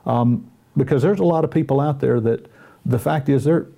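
A man's voice: medium pitch, normal speed, creaky, dark tone. A middle-aged man with a Southern US accent, a minister telling folksy, self-deprecating stories in a casual Christian talk show chat. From Southern United States.

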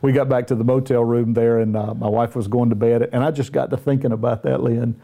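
A man's voice: medium pitch, little pitch movement, brisk, gravelly, dark tone. A middle-aged man with a Southern US accent, a minister telling folksy, self-deprecating stories in a casual Christian talk show chat. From Southern United States.

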